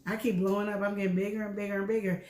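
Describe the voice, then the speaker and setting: Talking very fast in a mid-range voice, this middle-aged female co-host chats openly about her health, bringing stories to life with acted-out dialogue. The recording sounds roomy, with a little hiss or hum.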